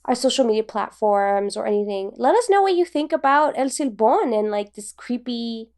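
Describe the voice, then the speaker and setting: A woman's voice: a little high, lively intonation, moderate pace, a little mellow. A woman co-hosting a podcast in casual chat. She talks in a giggly, rambling way with lots of fillers. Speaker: podcast co-host.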